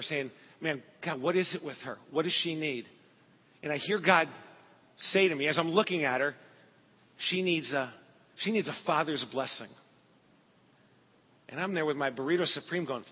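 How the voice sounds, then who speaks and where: A man's voice: on the high side, breathy edge. A man preaching a sermon, telling a personal story in an earnest, conversational way with asides to the congregation. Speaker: pastor. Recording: dull recording in a large reverberant hall.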